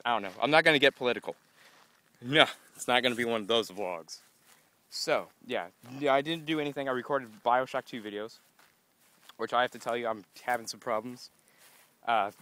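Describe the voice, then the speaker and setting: Young man rambling outdoors, bright voice. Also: mid-range voice. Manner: rambling, exasperated, acts out his own quotes. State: out of breath from walking uphill. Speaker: vlogger. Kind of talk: casual rambling vlog.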